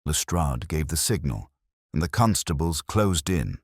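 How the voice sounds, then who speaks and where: Man, very low voice, scripted narration, measured, lively intonation. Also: no echo, studio quality. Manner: measured storytelling.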